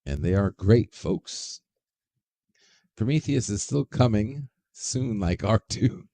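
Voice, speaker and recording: A man's voice: lowish voice, lively intonation, takes it slowly, vocal fry, warm tone, no echo. A man hosting a casual livestream, rambling, swearing freely and greeting chat viewers by name. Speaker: livestream host.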